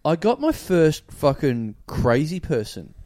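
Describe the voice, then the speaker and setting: A man co-hosting a casual podcast, telling a story with lively swearing and acted-out yelling. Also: fairly high pitch, a little slow. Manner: animated storyteller, swearing, acting out a stranger's yelling. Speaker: podcast co-host.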